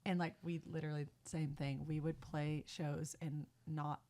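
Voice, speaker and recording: A woman's voice: deep voice, little pitch movement, moderate pace, warm tone. A young woman talks casually as a podcast guest. She is chatty, laughs easily and acts out little quotes as she tells stories. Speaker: guest singer-songwriter.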